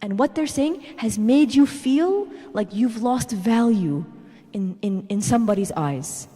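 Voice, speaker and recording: A woman in her thirties giving a parenting talk at a church, telling animated personal stories and tagging her points with "okay?". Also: fairly high pitch, unhurried. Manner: animated storytelling, tags lines with "okay?". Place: church hall. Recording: reverberant church hall.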